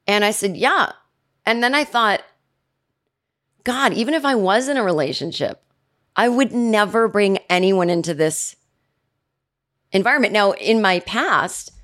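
A woman in her forties hosting a podcast, telling a rambling comedic story in a chatty way and mimicking her family with shrill yells. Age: 40s. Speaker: podcast host. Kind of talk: casual comedic monologue.

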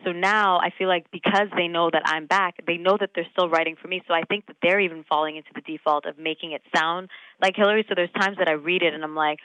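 A young woman with a bright, forward voice talks through her craft in a relaxed, rambling way. She fills her sentences with "like" and "you know", restarts often and breaks into laughs. The sound is dry and close, with no room around her. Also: on the low side, dry recording, low-quality recording. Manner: chatty, laughs often, many fillers and restarts. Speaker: actress guest. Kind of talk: casual interview chat.

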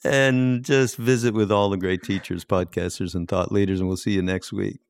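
A relaxed male podcast host with a lowish voice, chatting easily and laughing often with his guest. The sound is dry and close, with no room echo. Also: moderate pace, vocal fry, clear, resonant tone. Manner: laid-back, laughing, playful. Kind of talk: casual interview chat.

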